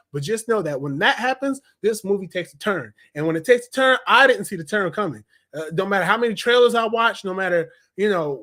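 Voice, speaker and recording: A man reviewing a movie in casual, slangy talk, acting out quotes in an animated way. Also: high voice.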